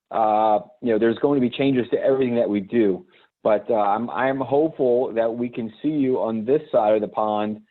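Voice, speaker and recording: A man hosting a live video call, rambling and hesitant with lots of fillers. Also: medium pitch. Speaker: host. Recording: tinny phone-like line.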